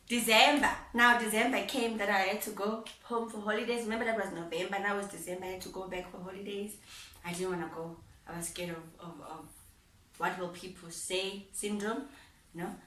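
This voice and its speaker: Her voice is mid-range and fairly bright as this young woman vlogger tells a heartfelt personal story. She laughs frequently and circles back to repeat phrases, and the distant mic leaves the sound roomy.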